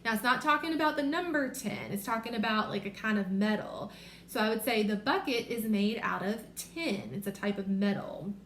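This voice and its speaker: A woman teaching a remote reading lesson to young children, sounding out letters and words slowly and clearly. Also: medium pitch, fairly bright tone. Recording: echoey room with faint noise.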